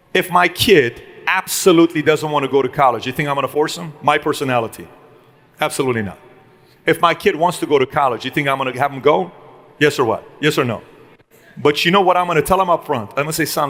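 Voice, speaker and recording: A man's voice: a little high, animated, quick pace, a bit bright, long reverb tail. A man giving a live motivational speech to a room, punchy and full of rhetorical questions. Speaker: motivational speaker.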